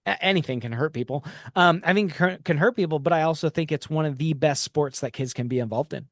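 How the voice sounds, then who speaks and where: A man's voice: on the high side, fast, no echo, clean studio sound. A man hosting a podcast, telling reflective stories in a casual conversation, often restarting his sentences. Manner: reflective storytelling, frequent restarts. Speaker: podcast host.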